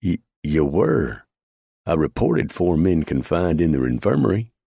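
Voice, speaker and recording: A man's voice: a bass voice, expressive, normal speed, vocal fry, darkish tone, slightly rough, dry recording, studio quality, voice pushed up, exaggerated voice. A man voicing a timid quartermaster sergeant who stammers anxiously. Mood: nervous.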